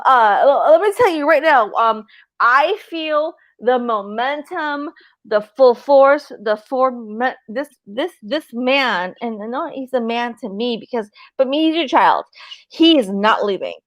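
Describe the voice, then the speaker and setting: Woman on a livestream, kinda high voice, super emphatic, swears a lot, dry sound. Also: expressive, unhurried, a bit bright, dry recording. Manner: emphatic, swears freely, repeats herself. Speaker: livestream host and medium. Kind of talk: casual livestream chat.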